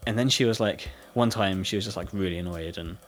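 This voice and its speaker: A young British man with a husky voice, casually telling a school story with lots of "like" fillers and laughter. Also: low voice, quick pace, faint music behind. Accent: British English. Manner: rambling storytelling with frequent "like" fillers, laughing often. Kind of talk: casual chat.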